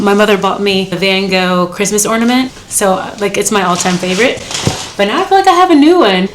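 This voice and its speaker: A young American woman with a medium-pitched voice talks as a travel vlogger, bubbly and casual, laughing often. Music plays behind her, with slight background noise.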